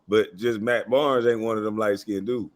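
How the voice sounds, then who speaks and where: A man hosting a casual chat, telling stories in a relaxed way. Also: lowish voice, normal speed. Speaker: host.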